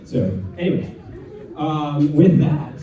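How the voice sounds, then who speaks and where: A man from Southern California doing a live stand-up comedy bit, halting with many fillers and dipping into quick accent impressions. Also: on the high side, heavy background noise. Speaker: comedy performer at a family event. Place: large echoey hall with a live audience. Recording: echoey hall from far off, dull sound. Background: audience murmur and laughter.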